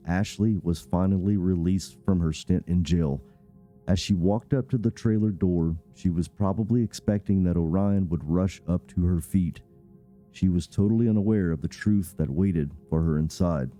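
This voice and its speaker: A man with a low, very dark and mellow voice narrates a true-crime story in a measured, somber tone. Faint music plays beneath his scripted delivery. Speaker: podcast host and narrator.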